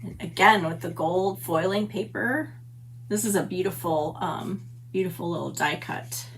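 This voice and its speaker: In her home stamp room, a middle-aged woman runs a papercraft livestream, gushing and chatting as she greets viewers by name. She speaks at a normal speed in a lowish voice, and there's a little hiss or hum on the audio.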